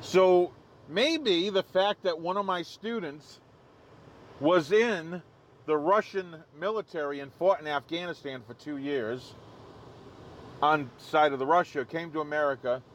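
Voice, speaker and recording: A man's voice: fairly high pitch, measured pace, a little hiss or hum. A man hosting a live stream outdoors, joking casually and laughing at his own jokes. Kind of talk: casual livestream commentary.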